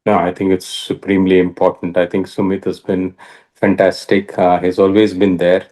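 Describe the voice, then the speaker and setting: A middle-aged Indian man, a badminton coach, answering interview questions in a measured way with frequent "uh" pauses. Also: low voice, level tone, a little mellow. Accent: Indian English. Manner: measured, many pauses and "uh" fillers.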